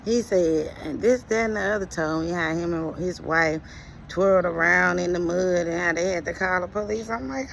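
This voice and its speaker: A middle-aged woman giving an earnest, preachy monologue about life lessons, speaking slowly and deliberately. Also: fairly low pitch, gravelly, fairly bright tone, a little hiss or hum, rough recording. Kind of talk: reflective motivational monologue.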